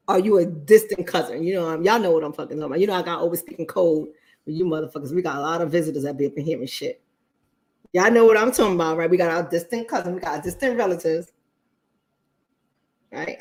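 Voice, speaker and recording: Woman host, casual stream chat, cusses a lot, talks straight at the viewers, says stuff twice. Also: on the low side. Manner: blunt, profane, addresses viewers directly; repeats points for emphasis. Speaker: online talk show host.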